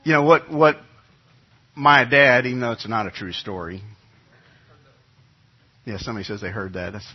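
Folksy, slightly husky middle-aged pastor. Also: male voice, medium pitch, dull audio. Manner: conversational, folksy storytelling with many restarts. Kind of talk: sermon with personal anecdote. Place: church sanctuary.

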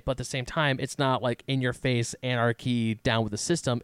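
A thoughtful man in a casual podcast chat who explains his views at length. His voice is crisp and clear. The sound is dry and close to the mic. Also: medium pitch, fairly even intonation, fast talker, hardly any pauses, no echo.

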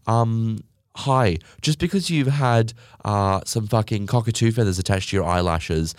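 A man's voice: fairly low pitch, unhurried, dry recording, studio quality. A young man hosting a podcast, ranting sarcastically and swearing often. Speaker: podcast host. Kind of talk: casual podcast rant.

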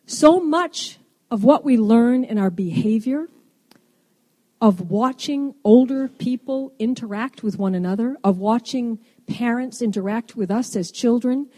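A middle-aged woman from a women's ministry gives a sermon in a fairly high, dark-toned voice at a measured pace. She is earnest and emphatic, asking her listeners rhetorical questions, with long reverb from a large hall.

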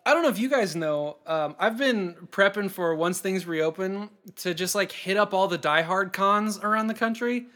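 A man hosting a comedy podcast game show, chatting in a playful, rambling way with quick laughs. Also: high-pitched, fairly bright tone. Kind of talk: casual comedy podcast chat.

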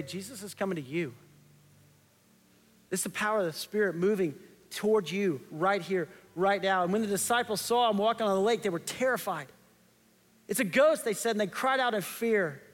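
A man's voice: high-pitched, big-room sound. A man preaching a sermon as pastor, conversational and impassioned, repeating key phrases.

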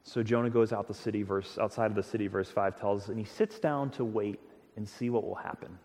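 A man preaching a sermon as a pastor, telling the story with emphatic, expressive delivery and frequent stammered restarts. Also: lowish voice, a little fast. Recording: long hall reverb.

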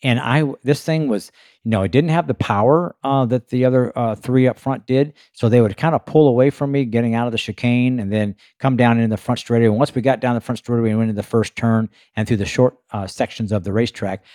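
A man who drives race cars, casually telling a lively story in his own voice and filling it with "you know" and "uh". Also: mid-range voice, quick pace, no room sound, studio quality. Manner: animated anecdote-telling with frequent fillers. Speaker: race car driver guest.

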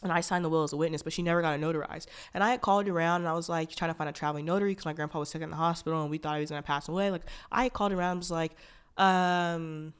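A woman's voice: sits low, steady tone, racing, smooth. A young woman hosting a podcast, telling a personal story in a rambling, candid way, full of "like" fillers, restarts and blunt swearing. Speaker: podcast host.

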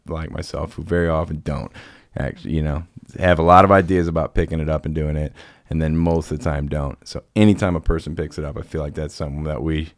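A man's voice: rumbling low, steady tone, fast, no echo, clean studio sound. A man hosting a podcast in casual chat, rambling and jokey, often laughing. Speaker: podcast host.

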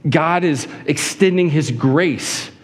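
Preaching man in a reverberant hall. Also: slow. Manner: acts out whiny voices in a high pitch. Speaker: pastor. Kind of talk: sermon.

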